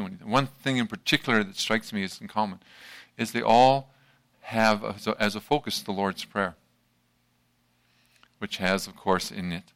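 A man with a lowish, slightly bright voice gives an informal evening talk to a live audience. His delivery is halting, full of fillers and restarts, since his mouth is still a little numb from dental work.

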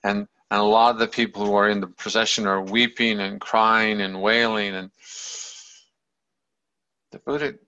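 A man's voice: lowish voice, steady tone, normal speed, long pauses, bright, forceful tone. A man telling a story in a loose, rambling, casual way, in a dull lo-fi recording. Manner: loose and rambling, many fillers and restarts.

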